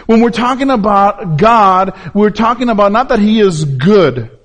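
Male preacher, high-pitched voice, emphatic sermon delivery with repetition for stress. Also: animated, fairly bright tone. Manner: emphatic, repeats words for stress, drops low and slow on key points.

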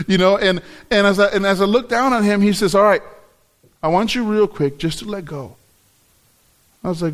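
A man's voice: fairly high pitch, normal speed. A middle-aged man preaching a sermon, telling a personal story and acting out his own reactions. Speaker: pastor.

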